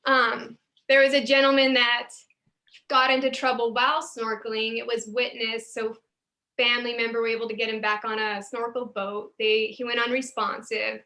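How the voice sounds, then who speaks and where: A woman's voice: on the high side, little pitch movement, moderate pace, bright, forceful tone. A woman paramedic supervisor telling earnest stories from her work during an online CPR class over a video call. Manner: earnest, emotional, with restarts. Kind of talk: Zoom class sharing stories.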